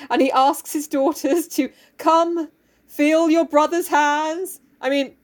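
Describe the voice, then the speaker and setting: Woman, high voice, sarcastic, sweary, laughing, casual podcast chat. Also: slow pace. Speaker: podcast co-host. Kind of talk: casual chat recapping a play.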